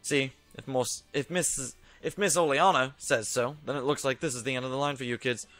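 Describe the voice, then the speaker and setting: A man voicing a gruff, greedy low-level male company employee in a game, speaking a bit lower and quieter. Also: steady tone, a little fast, dry recording, faint music behind, lightly acted. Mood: threatening.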